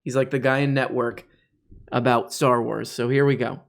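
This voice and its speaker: A man hosting satirical commentary on video clips. He rambles sarcastically and now and then breaks into shrill mock outbursts. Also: little pitch movement, normal speed, creaky. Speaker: comedy commentary host.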